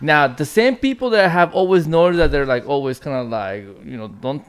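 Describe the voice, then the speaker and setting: Guy w a smooth clear kinda high voice telling his dog training story on a podcast. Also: expressive, brisk. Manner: candid, profane, recounts his own experiences. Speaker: podcast co-host. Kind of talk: casual chat.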